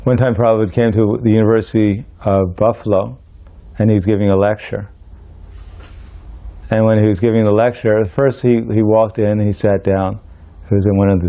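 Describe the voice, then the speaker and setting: A man recounts old memories of his spiritual teacher in a relaxed storytelling way. His voice sits low and sounds dark and mellow. Now and then he acts out the people in his stories with lively voices. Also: normal speed. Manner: animated, acts out quoted voices, laughs while telling. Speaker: disciple sharing memories. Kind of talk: storytelling reminiscence.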